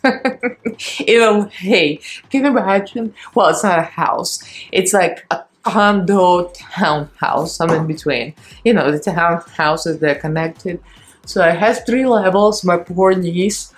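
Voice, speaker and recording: A woman in her thirties, a beauty vlogger and fitness instructor, talking in a rambling, candid way with a strained, shaky voice at her beauty desk at home. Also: fairly low pitch. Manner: rambling, candid, laughs between phrases. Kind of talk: chatty get-ready-with-me vlog.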